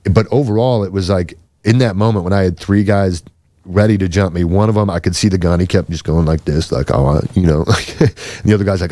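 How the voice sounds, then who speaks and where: A man tells a long story on his podcast in a loose, profane, rambling way. His voice sits low and mellow, recorded close and dry with no room sound. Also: a little fast, no echo. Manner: swearing, rambling, acts out quoted voices. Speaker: podcast host. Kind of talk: casual storytelling chat.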